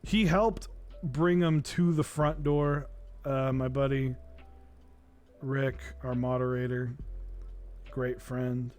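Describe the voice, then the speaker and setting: A man chats casually while he hosts a live stream, his voice sitting at an ordinary middle pitch. He rambles through stories with restarts and stops to greet the people in the chat. Faint music plays softly behind him. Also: fairly even intonation, takes it slowly, pauses often. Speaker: keyboard-building streamer.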